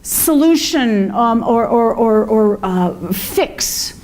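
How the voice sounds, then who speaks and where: A woman's voice: fairly high pitch, expressive, slow pace, darkish tone. A woman minister giving a conversational sermon, with fillers and asides to the congregation. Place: congregation hall.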